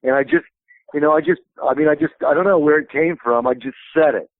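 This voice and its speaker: A man's voice: a little high, quick pace, no room sound. A man in his fifties, a wrestling promotion president, telling rambling stories as a guest in a phone interview. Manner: rambling anecdotal storyteller. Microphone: telephone. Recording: tinny phone line.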